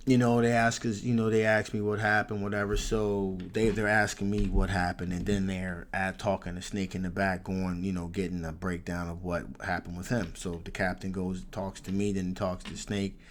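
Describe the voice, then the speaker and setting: Lower-voiced man telling a story. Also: normal speed, hardly any pauses, a little hiss or hum. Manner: animated, profane, laughs through the story. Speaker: tarot reader and channel host. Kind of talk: casual storytelling to camera.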